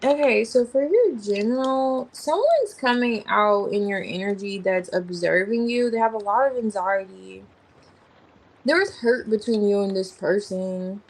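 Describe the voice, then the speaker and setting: A woman talks through a tarot spread in a loose, chatty way, naming cards as she turns them and musing out loud. Her voice has a gravelly fry, and her speech stays informal and slangy. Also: fairly high pitch, low-quality recording. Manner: rambling, thinking aloud while naming cards. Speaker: tarot reader. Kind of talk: casual tarot reading.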